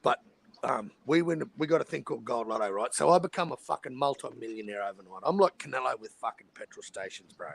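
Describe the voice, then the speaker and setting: A man's voice: medium pitch, animated, quick pace, gravelly. A man with an Australian accent hosting a casual, rowdy chat, swearing freely as he tells stories. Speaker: podcast host.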